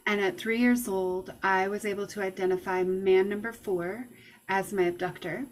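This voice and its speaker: A woman giving a lecture, telling a personal story in an emotional, animated way. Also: mid-range voice, moderate pace, rough recording. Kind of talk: personal testimony talk.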